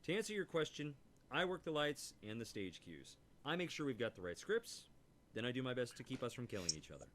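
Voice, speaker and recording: A cocky, flirtatious stagehand. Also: male voice, medium pitch, very animated, a little fast, fairly bright tone, slight background noise. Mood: matter-of-fact. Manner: cocky, teasing, then curt. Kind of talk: video game voice acting.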